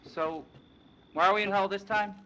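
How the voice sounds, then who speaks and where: A man's voice: sits high, fairly even intonation, moderate pace, pushed and bright, a little hiss or hum. An actor playing a crude, sarcastic male TV host in a video game, swearing freely. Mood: sneering. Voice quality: sarcastic, profane. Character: brash crude male TV host, middle-aged. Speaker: TV show host.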